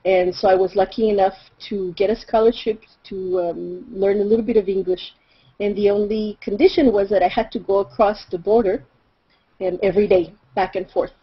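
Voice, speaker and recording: A middle-aged woman from Mexico with a Mexican accent, whose first language is Spanish, telling a personal story in a reflective way, with fillers and soft laughs. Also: medium pitch, fairly even intonation, normal speed, slightly rough. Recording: slightly dull recording.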